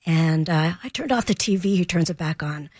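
Calm storytelling woman on a radio show. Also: on the low side, moderate pace, no room sound, studio quality. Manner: storytelling, acting out her own calm parenting lines. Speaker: child behavior expert guest. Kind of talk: radio talk show interview.

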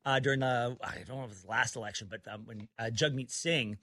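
A man from Canada, a guest in casual talk-show chat, telling anecdotes in a measured way with restarts. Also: mid-range voice, fairly even intonation, sharp tone, no room sound, studio quality.

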